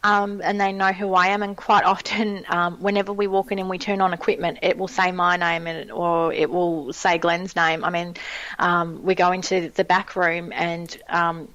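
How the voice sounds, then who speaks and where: A woman talking as a paranormal investigator guest in a relaxed, chatty way, often laughing. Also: on the low side, normal speed, lo-fi sound. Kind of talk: casual interview chat.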